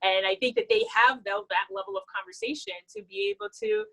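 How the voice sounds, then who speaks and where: A woman's voice: a little high, very animated, brisk, gravelly, fairly bright tone, rough recording. A woman hosting a conversation on a video call, affirming the guest and then telling an anecdote. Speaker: host. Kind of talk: conversational discussion.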